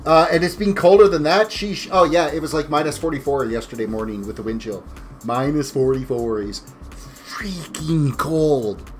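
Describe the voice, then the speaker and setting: Chatty streamer, music behind. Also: male voice, fairly high pitch, moderate pace. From Canada. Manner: rambling, chatty, reads chat aloud. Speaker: live streamer. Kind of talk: casual chat while gaming. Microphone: desk mic beside him. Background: music and keyboard typing.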